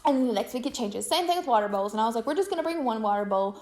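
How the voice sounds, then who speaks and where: A woman with a somewhat high voice talks to the camera in a loose, chatty way. She tells her story in a rambling flow, full of fillers and restarts. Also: expressive, racing, a little mellow. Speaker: vlogger.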